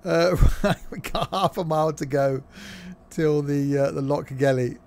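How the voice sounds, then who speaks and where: A man streams a train simulator, joking and bantering casually with his chat as he drives. His voice is on the high side and a little mellow, with vocal fry, and he speaks a little slowly.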